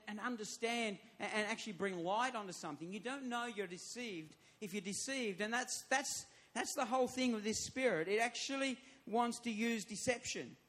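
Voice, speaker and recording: A man's voice: high voice, a bit bright. A man, a church pastor, preaching a sermon, emphatic and repeating his phrases as he builds to raised appeals.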